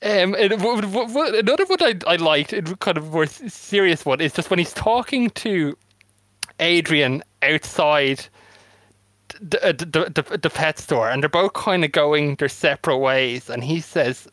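A man co-hosting a film review podcast, talking in halting bursts with many false starts. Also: a little high, animated, fairly bright tone, no room sound. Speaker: podcast co-host. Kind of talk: casual film review chat.

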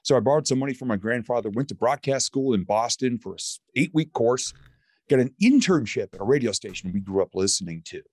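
A man's voice: mid-range voice, fast, no echo, studio quality. A middle-aged man, a guest speaker and former radio producer, telling stories in casual conversation and acting out the voices of people he quotes. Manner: animated storyteller who acts out quoted voices. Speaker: guest, keynote speaker and author.

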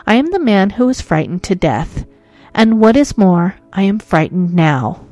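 A sorrowful ghost of a young man speaks in a quiet, sighing voice, as a woman narrator puts him on. He sounds frightened and hollow in this spoken storybook. A faint bed of music sits behind him. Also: medium pitch, big pitch swings, a little slow, no echo. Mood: sad, hollow.

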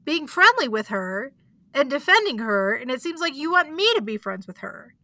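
A woman's voice: sits high, very animated, normal speed, sharp tone, no echo, exaggerated voice. A woman voicing an exasperated, defiant teenage girl with indignant outbursts.

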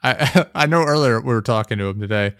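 A young man chatting casually, rambling and sarcastic, often mimicking people in high mocking voices. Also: brisk, a bit bright, no room sound, studio quality. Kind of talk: casual chat.

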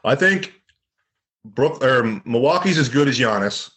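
A man's voice: medium pitch, expressive, a little slow, a bit bright. A man from Canada in a casual sports chat, giving blunt opinions and filling his talk with "like".

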